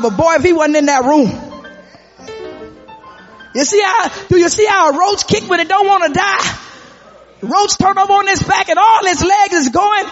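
Very high-voiced man preaching fervently. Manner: fervent preaching, shouted lines, call-and-response with the congregation. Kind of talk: sermon. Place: church sanctuary. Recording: echoey hall, dull lo-fi sound.

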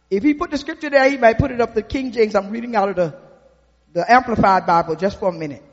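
A man preaching a sermon in a church. He speaks with folksy repetition that builds to shouted emphasis. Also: high-pitched. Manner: folksy, drawn-out delivery with repetition. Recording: dull recording with long hall reverb.

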